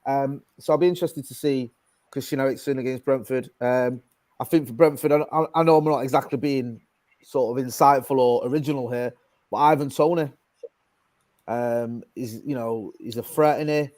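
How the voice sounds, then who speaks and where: A man's voice: medium pitch, fairly even intonation, moderate pace, darkish tone, dry recording. A man giving his views as a panelist in a casual football chat, rambling with many fillers and restarts.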